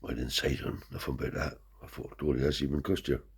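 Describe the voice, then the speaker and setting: A man's voice: extremely low pitch, steady tone, fast, vocal fry, husky. A man telling a rambling anecdote in casual, profane speech, lifting his voice to act out the people he quotes. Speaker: storyteller.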